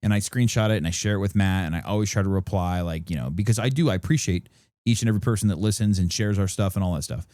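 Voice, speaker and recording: A man's voice: low voice, fast talker, warm tone, no room sound. A man co-hosting a casual podcast, explaining things at length with lots of fillers into a studio microphone. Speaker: podcast co-host.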